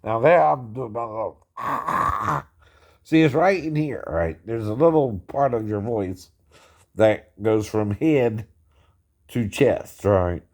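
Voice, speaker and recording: A man's voice: on the low side, lively intonation, takes it slowly. Man who caps every phrase with "right?". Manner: ends nearly every phrase with a questioning "right?"; chuckles often, a bit self-conscious. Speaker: amateur impersonator explaining singing impressions. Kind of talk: casual talking-head chat.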